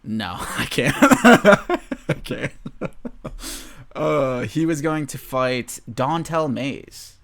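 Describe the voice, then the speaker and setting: A man's voice: mid-range voice, big pitch swings, extremely slow, vocal fry, fairly bright tone. A young man hosting a casual chat about fight picks, rambling, swearing freely and often breaking into laughter. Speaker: host. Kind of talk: casual sports betting chat.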